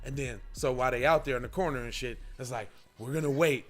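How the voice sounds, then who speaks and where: A man's voice: mid-range voice, quick pace, few pauses, soft background music. A man co-hosting a podcast, giving sarcastic comedic commentary and reading news aloud with mocking asides. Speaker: podcast co-host.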